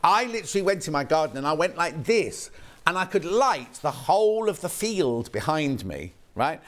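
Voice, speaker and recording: A man presenting on a shopping channel, chatting in a rambling, excitable way while demonstrating a product live. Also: on the high side, normal speed. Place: TV studio.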